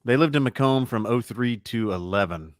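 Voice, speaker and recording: A man's voice: medium pitch, animated, normal speed, no room sound, clean studio sound. A man co-hosting an election-night livestream, joking crudely and swearing often. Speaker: livestream co-host. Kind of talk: casual election-night chat.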